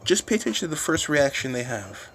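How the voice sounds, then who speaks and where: A man's voice: fairly high pitch, sing-song, brisk, a bit bright. Man, phone-recorded rant, rambling, swears, restarts a lot, faint music behind. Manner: rambling, restarts often, swears, gets fired up. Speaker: vlogger. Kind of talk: casual ranting monologue. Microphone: phone camera.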